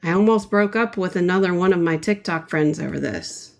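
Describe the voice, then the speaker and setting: A woman's voice: lowish voice, fairly quick, gravelly, few pauses. A woman hosting a painting livestream, chatting casually and playfully with her viewers, often giggling.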